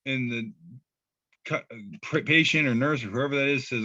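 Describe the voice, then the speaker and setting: A man co-hosting a laid-back podcast, swearing freely and cracking up at his own punchlines. His voice is very bright and forward. It sits close and dry on a muffled, lo-fi recording. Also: medium pitch, moderate pace, dry recording. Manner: loose and profane, laughs easily. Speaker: podcast co-host. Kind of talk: casual chat reading memes aloud.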